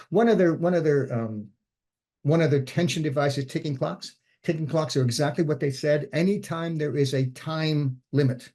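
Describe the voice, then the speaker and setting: A screenwriting instructor with a medium-pitched, somewhat dark male voice gives an informal workshop talk. He speaks conversationally, thinking aloud as he goes.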